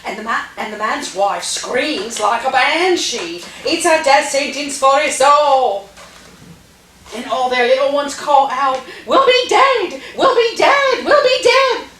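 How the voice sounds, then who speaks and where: Actress as a gossipy common woman, high and sing-song, slow-spoken; echoey table-read room. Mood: excited gossip. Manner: animated storyteller, acts out shouts. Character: chatty lower-class woman, lively gossip. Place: theatre room. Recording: echoey room, mic far off, faint noise.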